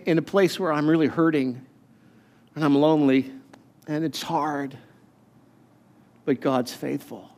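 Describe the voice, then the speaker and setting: Earnest high-voiced male pastor. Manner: earnest, halting, with frequent restarts. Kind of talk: personal testimony.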